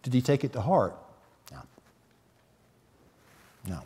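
A man's voice: mid-range voice, very animated, takes it slowly, warm tone, breathy edge. A man preaching a sermon, earnest, with sudden emphatic peaks. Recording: long hall reverb.

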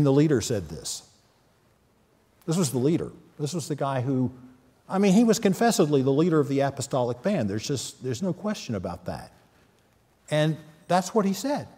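A man's voice: medium pitch, mellow, breathy edge. A man preaching a sermon, earnest, with sudden emphatic peaks. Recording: long hall reverb.

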